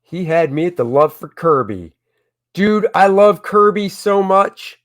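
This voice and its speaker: Slow-talking man hosting a livestream. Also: high voice. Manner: chatty and excitable, talking to viewers. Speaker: comic creator hosting a crowdfunding stream. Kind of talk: casual livestream chat.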